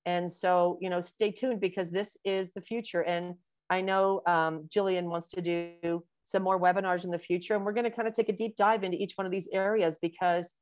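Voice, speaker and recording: A woman in her sixties, a physician being interviewed in a webinar, explaining at length in a warm, rambling way with many fillers. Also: on the low side, fairly even intonation, moderate pace, no room sound. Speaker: breast cancer physician, guest.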